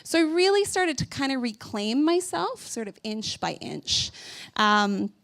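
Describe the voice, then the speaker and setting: A woman's voice: high-pitched, very animated, a little slow, gravelly, a bit bright. A woman in her thirties from Canada giving a casual, chatty conference talk about her own life, full of "like" and "you know". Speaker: conference speaker. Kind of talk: personal storytelling talk.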